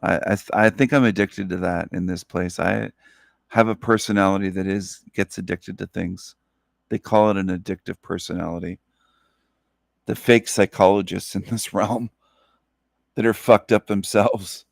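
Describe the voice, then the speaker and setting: A man talking slowly and earnestly in a solo monologue, sleepy after a night awake, repeating his phrases. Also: low-pitched, fairly even intonation, creaky, dry recording, clean studio sound. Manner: slow, earnest, repetitive phrasing. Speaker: channel host.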